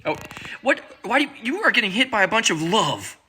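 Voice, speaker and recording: A father filming a family vlog talks to his young sons in a high, sing-song voice that's fairly quick, pushed, and bright, with a little hiss or hum. He's playful, affectionate, and encouraging in this casual family chat.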